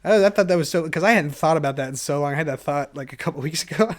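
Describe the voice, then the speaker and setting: A man's voice: fairly high pitch, racing, few pauses. A young man hosting a solo podcast, talking in a chatty, self-mocking ramble and laughing often, recorded on a camera mic. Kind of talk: rambling casual monologue.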